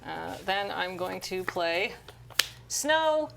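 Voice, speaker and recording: A woman playing a card game on a stream, thinking aloud and counting out loud. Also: on the low side, big pitch swings, extremely slow, vocal fry, background noise. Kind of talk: casual game play chat.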